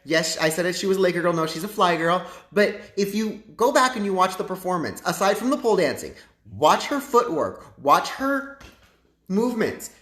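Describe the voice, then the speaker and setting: A man's voice: sits high, sing-song, moderate pace, a bit bright. A man hosting a casual livestream and chatting to his viewers in a sassy, campy way. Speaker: livestream host. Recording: echoey room.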